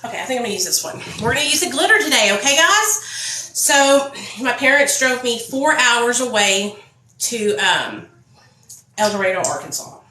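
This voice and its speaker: A woman's voice: fairly high pitch, big pitch swings, normal speed, pushed and bright, roomy sound, slight background noise, low-quality recording. A young woman vlogger chatting candidly and swearing freely as she tells her story while doing her makeup. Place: indoor room, phone ringing.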